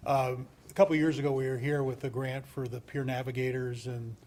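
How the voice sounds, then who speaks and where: A man, a judge, giving a formal presentation to a city council, speaking in a measured way with frequent restarts. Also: medium pitch, level tone, darkish tone. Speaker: municipal court judge. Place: council chamber.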